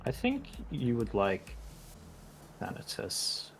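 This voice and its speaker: Gravelly low-voiced man joking around. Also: lively intonation, normal speed, soft background music, poor audio. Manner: rambling, joking, swears. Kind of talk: casual chat while drawing.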